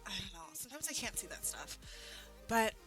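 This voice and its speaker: A woman streamer telling a story in casual chat, animated and laughing, with lots of "like". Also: medium pitch, brisk, music in the background. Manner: animated, laughing, heavy use of "like". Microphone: streaming mic.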